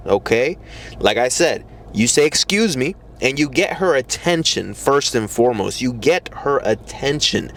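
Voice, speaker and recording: A man's voice: medium pitch, slight background noise. A man giving casual dating advice in a blunt, profane way, often mocking how other guys talk.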